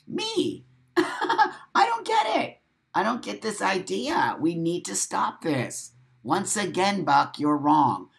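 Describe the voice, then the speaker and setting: A man hosting a live stream show, reading out viewer comments and talking in an emphatic way, repeating phrases for stress. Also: fairly high pitch. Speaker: host of a live talk show.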